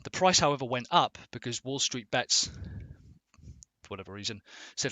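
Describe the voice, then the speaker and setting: A man explains a topic off the cuff, informal and a little sweary, checking in with his listeners as he goes. His voice is bright and forward, recorded close and dry with no room sound. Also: mid-range voice, lively intonation, normal speed, no room sound. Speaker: explainer video host. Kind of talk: casual explainer.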